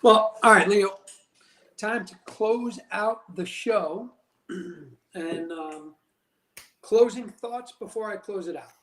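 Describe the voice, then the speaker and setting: Upbeat host in an echoey room. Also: male voice, sits high, slow, pauses often, a bit bright. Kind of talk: casual chat.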